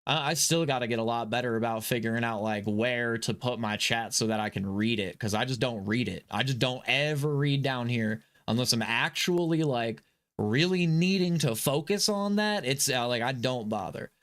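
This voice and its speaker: A man's voice: mid-range voice, moderate pace, a bit bright. A man talking casually while playing a game, rambling and restarting his sentences, swearing and apologizing because he is frustrated and agitated. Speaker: gaming streamer. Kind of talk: casual live gameplay commentary.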